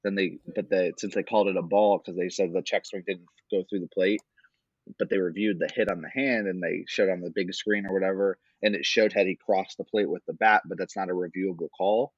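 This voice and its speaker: Male podcast co-host, low husky voice, dull muffled recording, casual cursing sports chatter. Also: fairly even intonation, fairly quick, dry recording. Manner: loose, rambling, swears a lot.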